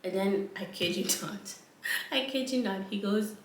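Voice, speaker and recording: A woman vlogger telling a story in a casual, animated way, often laughing and repeating lines for effect. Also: medium pitch, moderate pace, reverberant.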